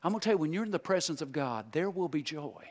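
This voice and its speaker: High-voiced preacher, folksy and fervent. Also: male voice, expressive, fast talker. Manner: folksy, humorous, swings from loud exhortation to hushed intensity. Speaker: guest preacher. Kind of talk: revival sermon.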